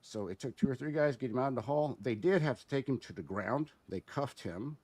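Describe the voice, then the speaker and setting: A man giving casual spoken commentary as a guest, halting and explanatory, with many fillers and restarts. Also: medium pitch, lively intonation, darkish tone, dry recording.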